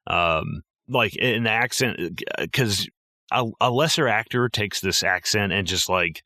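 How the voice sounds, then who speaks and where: A man with a low but bright, forceful voice riffs through a movie breakdown, profane and animated, jumping into quoted voices. His recording is dry and close, with no room sound around it. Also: a little slow, dry recording. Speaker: podcast co-host. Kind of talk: casual movie discussion.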